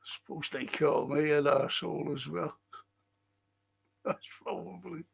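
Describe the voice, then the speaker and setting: Middle-aged guy on a football stream, talks real slow, swears a lot, blunt. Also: a little high, steady tone, vocal fry, breathy edge. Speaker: football podcast host. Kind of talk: casual livestream chat reading viewer comments.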